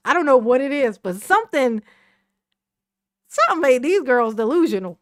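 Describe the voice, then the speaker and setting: Woman, high-pitched, sassy commentary, dry close sound. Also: sing-song, moderate pace, no echo. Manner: sassy, profane, laughs often. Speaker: reaction channel host. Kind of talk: casual commentary on a clip.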